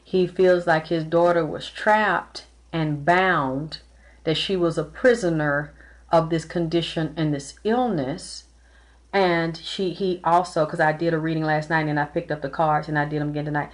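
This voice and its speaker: Lady doing a live psychic reading, fairly low voice, earnest and emotional, keeps repeating herself. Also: fairly even intonation, normal speed. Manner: close to tears at times. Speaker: tarot reader and psychic. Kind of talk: live-streamed spiritual reading.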